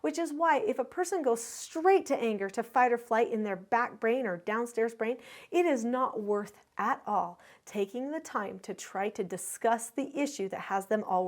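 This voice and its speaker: A middle-aged woman, a parenting educator, giving clear, explanatory teaching to parents and telling stories to make her points. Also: fairly high pitch. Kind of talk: instructional talk to parents.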